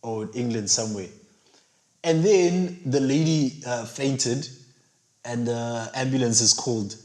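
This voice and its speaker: A man with a medium-pitched, dark-toned voice speaks at a measured pace while co-hosting a casual film review chat. He tells stories animatedly, acting out his own reactions with big jumps in voice. The recording has a roomy echo.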